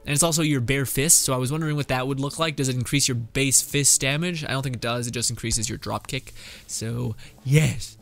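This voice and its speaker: A man's voice: mid-range voice, fairly quick, creaky. A man streaming a casual, rambling commentary on a game update, chuckling often in a wry way. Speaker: gaming streamer.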